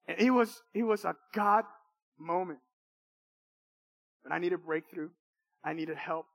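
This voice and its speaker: High-voiced man preaching with emphatic repetition. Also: a bit bright. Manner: emphatic and repetitive, with emotional swings. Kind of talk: sermon with personal testimony.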